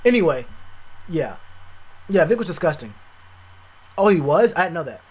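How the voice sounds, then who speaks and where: Young man, high voice, live stream chat, casual slang, animated. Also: normal speed, husky.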